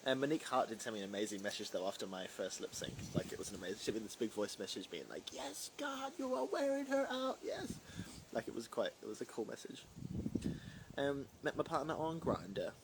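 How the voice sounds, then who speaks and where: A man's voice: fairly low pitch, fast, background noise. A young man, chatting casually on a livestream and answering viewer questions with lots of fillers and rambling asides. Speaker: drag performer answering fan questions on a livestream. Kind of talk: casual chat, reading and answering live comments.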